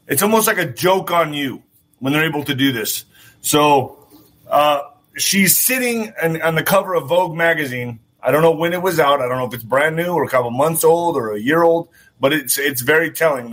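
A man talks straight to his viewers in a loose, rambling monologue, circling back to repeat his points and dropping the odd curse. His voice sits a little high and rings with a bright, forward tone. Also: moderate pace. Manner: rambling, repeats phrases, swears. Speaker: show host. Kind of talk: casual commentary monologue.

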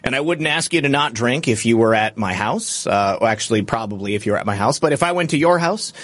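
A man's voice: medium pitch, animated, fast talker, a bit bright, no room sound. A man hosting a live stream, chatting casually, rambling, and answering viewers' comments. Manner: rambling, conversational, reads chat comments aloud. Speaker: show host.

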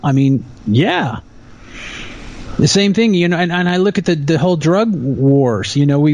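A man in a casual podcast conversation, ranting with indignation and mocking others in quick quoted asides. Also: on the high side, a little mellow, no echo.

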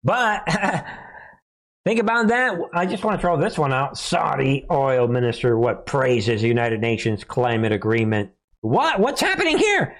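A man with a mid-range voice and an unhurried pace hosts a casual political commentary show. He reacts to headlines sarcastically, laughing often and slipping into mocking put-on voices.

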